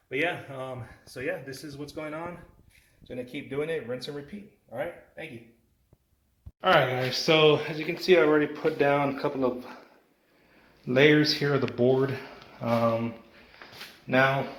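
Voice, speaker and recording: A man narrating his home renovation work in a casual how-to style, relaxed and chatty, with frequent ums and asides to viewers. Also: medium pitch. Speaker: DIY home renovation vlogger. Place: indoors in a small room under renovation. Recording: echoey room, faint noise.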